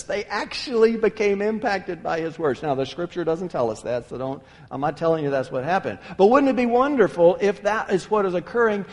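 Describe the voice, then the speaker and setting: A man preaching with emphatic, animated delivery and frequent restarts. His voice sits high for a man. It rings out with a long reverb, as in a large sanctuary. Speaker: pastor. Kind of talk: sermon.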